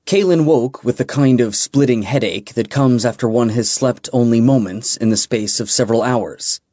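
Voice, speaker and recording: A man narrating a fantasy novel in a measured, deliberate way. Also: medium pitch, dark tone, no echo, studio quality. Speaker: audiobook narrator.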